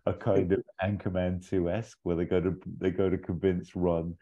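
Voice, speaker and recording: Deep-voiced man, rambling casual chat. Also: level tone, moderate pace, dark tone, lo-fi sound. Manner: rambling, acts out lines in bits. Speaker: podcast co-host pitching a story idea.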